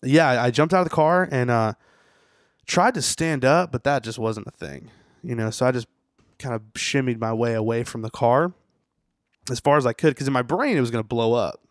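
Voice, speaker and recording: In a clean studio recording with no echo, a young man who works as a tattooer tells a rambling, profane story packed with "you know." His voice is mid-range and his pace moderate, and he's a guest on a podcast doing a casual storytelling interview.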